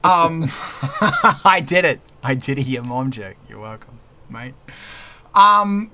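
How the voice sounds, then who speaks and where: A man hosting a casual livestream chat, joking and crude, with sudden jumps in loudness. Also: a little high, animated, takes it slowly. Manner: joking, crude, loud swings in volume. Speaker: livestream host.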